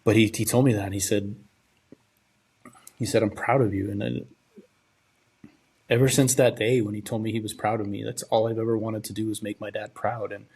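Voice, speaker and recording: A young man hosting a podcast, telling a personal story in a halting, subdued, grieving way, often trailing off and repeating words. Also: fairly low pitch, level tone, vocal fry, a little mellow, husky. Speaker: podcast host.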